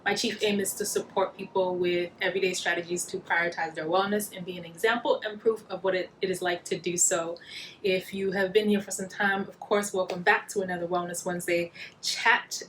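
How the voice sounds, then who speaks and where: A woman who hosts her own wellness channel talks to the camera while eating in her small home. Her voice is fairly low, and there's slight background noise. She's friendly and explanatory, speaking directly to her viewers.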